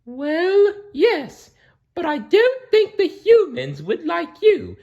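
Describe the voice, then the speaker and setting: A friendly, chatty lady cow from a children's storybook, as a man puts her on. She talks in a squeaky, sing-song voice pitched far above a normal speaking voice. Her tone keeps swooping up and down as she shows off the farm. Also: wildly swooping pitch, slow, lo-fi sound, heavily acted. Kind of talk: storybook reading.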